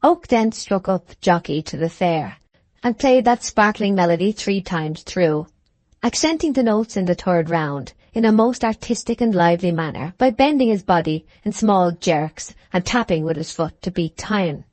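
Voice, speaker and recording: A woman narrating a classic novel for an audiobook in a measured, even storytelling manner. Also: lowish voice, no room sound.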